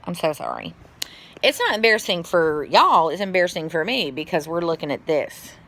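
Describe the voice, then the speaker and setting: Tired lady rambling into her phone, bright voice, goes up and down a lot, yawns, cusses a bit. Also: fairly low pitch, sing-song, moderate pace. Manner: chatty, rambling, swears and sighs. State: tired, yawning. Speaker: vlogger. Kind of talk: casual chat to camera.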